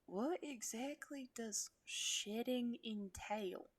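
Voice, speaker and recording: A woman voicing a kind, gentle man in a soft, half-whispered way. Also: a little high, slow, breathy edge. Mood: curious.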